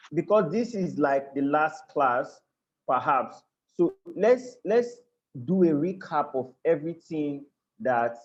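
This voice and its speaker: A man with a Nigerian accent delivers a live online lesson on a video call, his fairly high, slightly mellow voice losing its highs. He speaks with earnestness, keeps repeating and reworking his phrases, and often checks that his listeners are following.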